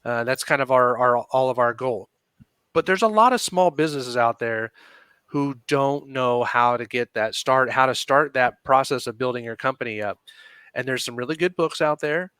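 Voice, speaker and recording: A man's voice: medium pitch, normal speed, a bit bright, clear, resonant tone, no echo. A man who owns a business, speaking as a podcast guest in a rambling, hesitant way. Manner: rambling, hesitant, many fillers. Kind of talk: casual podcast chat.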